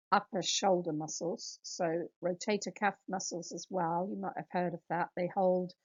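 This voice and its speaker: Woman, therapist teaching anatomy, patient, lowish voice, dull lo-fi sound. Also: fairly bright tone. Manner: slow, patient, spells out muscle names. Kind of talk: slide lecture.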